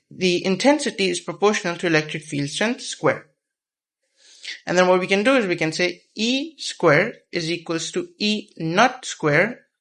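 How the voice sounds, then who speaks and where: A man's voice: sits high, a bit bright. A man teaching a whiteboard physics lesson, explaining patiently step by step and repeating key terms.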